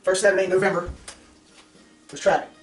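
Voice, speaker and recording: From the far side of an echoey fur shed, a young trapper vlogger casually tells his viewers a story, rambling, self-correcting, and addressing them head-on. He talks fast in a high-pitched, flat voice over soft background music.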